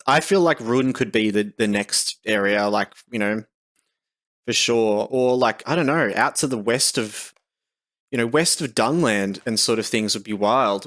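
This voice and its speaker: Aussie male streamer, mid-pitched, casual and meandering, chatty delivery. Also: a bit bright. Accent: Australian. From Australia. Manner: rambling, laid-back, lots of "you know" and "like". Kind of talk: casual livestream chat.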